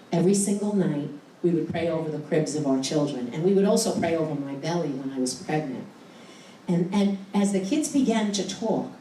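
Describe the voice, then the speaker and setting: An older woman from New York giving a personal faith testimony at a dinner, telling stories with animation and acting out quotes. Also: sits low. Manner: animated storyteller who acts out quotes. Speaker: guest speaker. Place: dinner event hall. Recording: echoey hall, distant mic, faint room noise.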